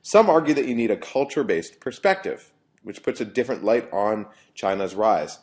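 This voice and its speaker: A man's voice: lowish voice, animated, normal speed, darkish tone. A man, a professor, giving a university lecture in an explanatory way, often restarting phrases.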